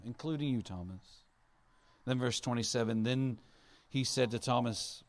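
A man's voice: mid-range voice, normal speed. A male pastor preaching an Easter sermon, earnest, his voice rising and falling for emphasis as he acts out quotes.

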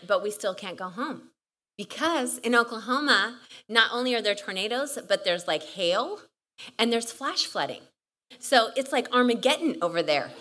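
A young woman preaches in a relaxed, storytelling way, full of quick asides and "like". Her voice is bright and forward, at an ordinary pitch for a woman. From California. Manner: chatty, animated, lots of "like". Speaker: retreat speaker. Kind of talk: storytelling sermon.

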